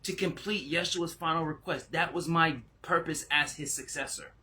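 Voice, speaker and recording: Man, spiritual teacher, casual vlog talk, bright forward tone, excitable, laughing, soft and slow when reflective. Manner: excitable, laughing, jumps into high exclamations; slows down and goes quiet when reflective.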